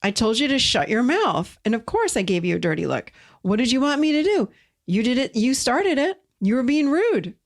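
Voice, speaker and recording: An indignant partner snaps back with accusations and shifts the blame, as a woman puts them on, the voice climbing higher and pushing louder. The delivery is sharp and accusing. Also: big pitch swings, moderate pace. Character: defensive blaming partner, indignant adult.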